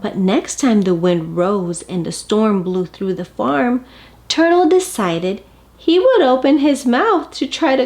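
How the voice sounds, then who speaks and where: Slow, expressive woman reading a storybook to children. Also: a little high. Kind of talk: children's picture-book read-aloud.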